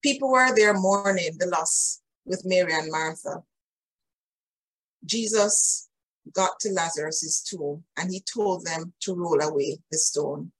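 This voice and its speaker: A woman's voice: lowish voice, takes it slowly, a bit bright, breathy edge, low-quality recording. A woman preaching a sermon, earnest and emphatic, speaking directly to her listeners.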